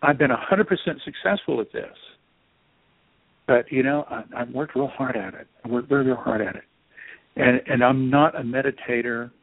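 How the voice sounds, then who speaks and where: A man, an author guest in an interview, telling a story in an animated, self-deprecating way over a phone line. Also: medium pitch, moderate pace, dry recording. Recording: tinny dry phone line.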